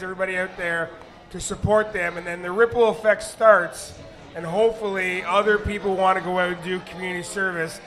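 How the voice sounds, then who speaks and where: A raspy-voiced middle-aged man with a high, bright tone. He talks in a relaxed, rambling way, full of fillers, as the guest at a live event. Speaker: guest, former hockey player. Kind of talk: casual live interview. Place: bar event with live audience.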